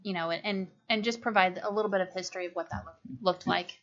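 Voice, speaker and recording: A woman's voice: on the low side, fairly even intonation, fast, fairly bright tone. Formal woman chairing a committee hearing. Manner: formal, procedural. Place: legislative committee room. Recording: muffled lo-fi hearing audio.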